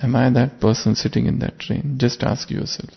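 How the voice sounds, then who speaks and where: Heard on a muffled, lo-fi recording, a man preaches a sermon with a parable, earnest and reflective, putting searching rhetorical questions to his audience. He is a spiritual teacher whose mid-range voice is gravelly and husky, with a steady tone and moderate pace.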